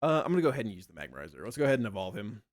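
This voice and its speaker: A man's voice: on the low side, big pitch swings, very fast, no room sound, studio quality. A man chatting casually on a live stream while he plays, thinking aloud and rambling with plenty of fillers.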